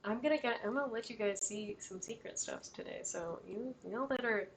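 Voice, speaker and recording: A woman's voice: on the high side, a little fast, a crowd in the background. Giggly young woman running a tabletop game. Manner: giggly, chatty, breaks into laughter. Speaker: game master.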